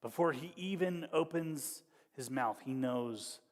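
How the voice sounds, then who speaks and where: A man preaching a sermon as pastor, talking in a conversational, wry way that moves between hushed storytelling and animated bursts. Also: fairly high pitch, unhurried, in a large hall. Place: church hall.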